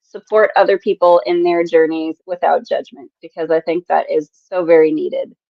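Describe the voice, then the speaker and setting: A woman's voice: sits low, steady tone, normal speed, creaky, no echo. Woman co-host, South Dakota, gushing and upbeat; lo-fi, dead-dry audio. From South Dakota, USA. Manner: effusive, gushing praise. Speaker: podcast co-host. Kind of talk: casual podcast chat. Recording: dull lo-fi dry sound.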